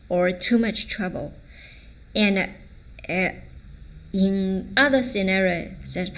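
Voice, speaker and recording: A woman's voice: medium pitch, slow, long pauses, a bit bright. A woman teacher with a Chinese accent, a native Chinese speaker, explaining phrases and acting out their intonation in a language lesson. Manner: demonstrates phrases with varied intonation.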